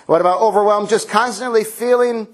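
A middle-aged pastor gives a humorous sermon in a church, his voice sitting a touch high for a man. He is playful and now and then acts out a child's shouts. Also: fairly quick.

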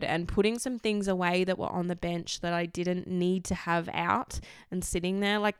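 A woman's voice: fairly low pitch, clear, resonant tone, no room sound, studio quality. A young Australian woman talking casually and candidly about her life, rambling a little, swearing freely and laughing often. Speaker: vlogger. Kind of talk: casual personal chat.

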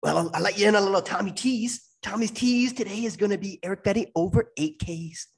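A man's voice: sits high, brisk, gravelly. A man co-hosting a parody sports betting show, boastful and crude, swearing freely. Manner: crude, boastful, swearing, sometimes whispers tips. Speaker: co-host.

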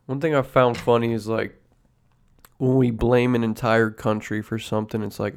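A podcast host sits at home drinking coffee, rambling in a laid-back way through a casual chat and swearing constantly. His voice is medium in pitch, steady in tone, and at a normal speed.

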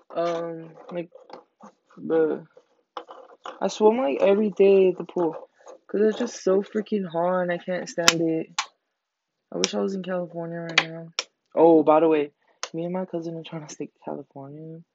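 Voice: medium pitch, noisy background. A young speaker in their late teens hosting a podcast, telling stories in a casual, rambling way with lots of slang and heavy swearing. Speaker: podcast host. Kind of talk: casual storytelling monologue. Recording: dull lo-fi recording.

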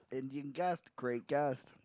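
A man's voice: on the high side, animated, very slow, a bit bright, no echo. Guy cohosting a podcast, crude jokey rambling, dry close mic. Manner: crude, joking, rambling with restarts. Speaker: podcast co-host. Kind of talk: casual chat. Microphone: studio podcast mic.

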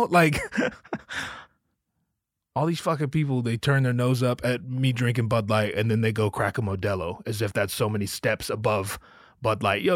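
A man's voice: medium pitch, no room sound, studio quality. A man in his thirties hosting a casual solo podcast, riffing and joking with lots of swearing and self-interruptions. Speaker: podcast host.

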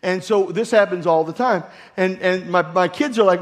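Guy pastor preaching, high voice, asks the crowd to say amen, jokes about his kids, echoey church hall. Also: a little fast, hardly any pauses. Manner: call-and-response preaching with humorous family stories. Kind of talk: sermon. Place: church sanctuary. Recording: long hall reverb.

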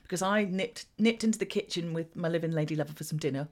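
A woman's voice: on the low side, fast, a little mellow. A woman from southern England co-hosting a podcast, chatting casually with playful, self-mocking banter. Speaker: podcast co-host. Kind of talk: casual comedic chat.

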